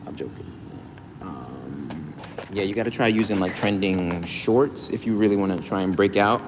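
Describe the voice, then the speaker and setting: At a moderate pace, a young male livestreamer and rapper reads comments in a low-ish, laid-back voice. He rambles loosely, thanking and hyping viewers, in an echoey gym hall with faint background noise.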